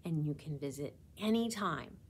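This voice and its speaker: A woman voicing an eager, upbeat young schoolgirl in a storybook, with a bright, eager delivery. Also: sits low, lively intonation, normal speed, slightly rough.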